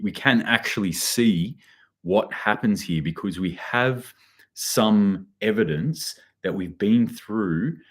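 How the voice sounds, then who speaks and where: A man hosting a livestream news commentary, rambling with many restarts and reading out chat comments. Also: low voice. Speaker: host.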